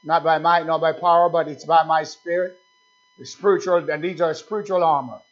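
High-voiced man preaching emphatically. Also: steady tone, brisk. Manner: repetitive, emphatic preaching with call-outs of "amen". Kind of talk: sermon. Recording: dull lo-fi sound.

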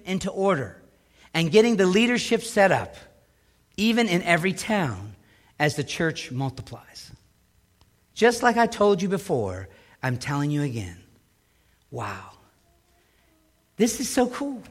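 A middle-aged male pastor delivers a sermon with a high, bright voice. He swings dramatically between loud, emphatic lines and hushed, low asides, giving the preaching a dynamic, animated feel.

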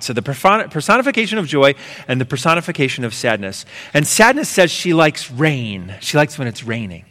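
A man preaches as pastor, with a voice pitched a little above the usual male range. His delivery builds through rhythmic repeated lines, then drops to a hush. A long reverb from the church hall trails after his words. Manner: rhythmic repetition, swinging from emphatic to hushed. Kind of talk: sermon.

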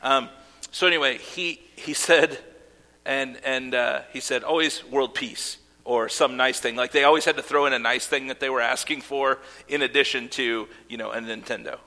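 A man's voice: mid-range voice, fairly even intonation, moderate pace, sharp tone. A man preaching a sermon as pastor, earnest, with casual asides and fillers. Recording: long hall reverb.

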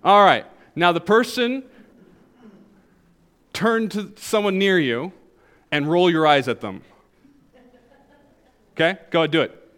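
A man's voice: sits high, measured pace, long pauses. A male pastor with a Southern US accent preaching a sermon, joking with the congregation. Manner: animated, jokes with the congregation.

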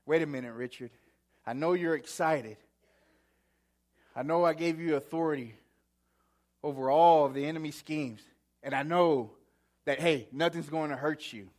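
Jesus as a calm, gentle teacher, as a preaching man puts him on, speaking softly. His tone is patient as he corrects his listeners. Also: a little high, normal speed, long pauses, close to an everyday voice.

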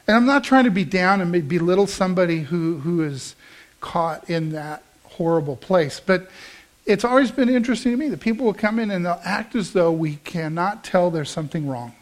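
High-voiced man preaching a sermon. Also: expressive, normal speed. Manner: storytelling, conversational with emphatic rises. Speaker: pastor.

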